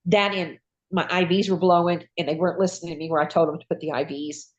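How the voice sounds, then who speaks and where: A woman's voice: lowish voice, fairly even intonation, fast talker, lo-fi sound. An older woman, a retired nurse, telling her story in a casual interview, acting out dialogue and laughing often.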